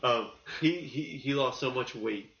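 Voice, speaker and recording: A man co-hosting a casual podcast, talking in an animated, rambling way and acting out the quotes he tells. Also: mid-range voice, a little slow, a loud crowd. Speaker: podcast co-host. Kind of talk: casual chat. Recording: muffled, echoey room.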